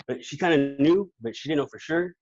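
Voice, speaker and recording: Halting, slangy man on a lo-fi recording. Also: on the high side, lively intonation, darkish tone, dry recording. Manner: slangy and halting, repeats words. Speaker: podcast guest. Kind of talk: casual personal testimony.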